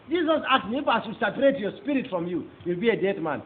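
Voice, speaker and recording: Nigerian man preaching his testimony, high voice, talks fast and fired up, thin phone-line sound w/ a little hiss. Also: lively intonation. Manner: fervent, emphatic, rising into exclamations. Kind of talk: testimony sermon. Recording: tinny phone-like audio with faint noise.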